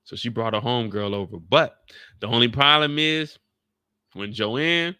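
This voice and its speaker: A man hosting a casual video recap, full of slang and jokes, speaking straight to his viewers. His tone is bright and forward. The sound is close and dry, with no room echo. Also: mid-range voice, normal speed, smooth. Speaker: host of a TV recap channel. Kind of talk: casual, animated video commentary.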